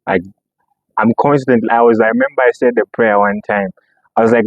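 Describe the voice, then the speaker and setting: A man hosts a casual podcast, talking eagerly with lots of restarts and backing up his guest with frequent listening sounds. His voice sits at a medium pitch. The sound is dry and a bit muffled. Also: steady tone, a little fast, no room sound. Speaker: podcast host.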